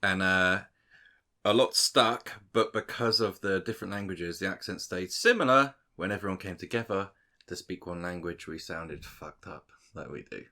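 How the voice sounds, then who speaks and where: A man's voice: low-pitched, normal speed, bright, forceful tone. A man from England co-hosting a casual podcast, steering the conversation and explaining things with plenty of fillers. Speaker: podcast co-host. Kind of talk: casual chat.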